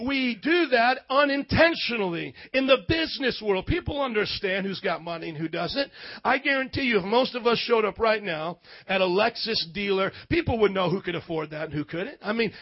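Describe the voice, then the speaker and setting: A male pastor preaching a sermon, animated and leading call-and-response with his congregation. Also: high-pitched, creaky, highs cut off.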